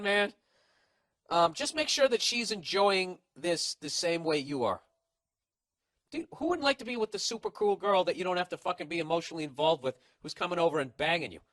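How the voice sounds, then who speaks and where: A man's voice: sits high, a bit bright, dry recording. A man hosting a podcast, giving blunt, profane, rambling comedic advice. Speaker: podcast host.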